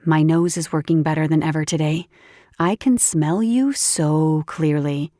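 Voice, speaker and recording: A woman voicing a playful, teasing young female shifter friend in an audiobook, pitching her voice a little lower. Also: unhurried, warm tone, no room sound, clean studio sound.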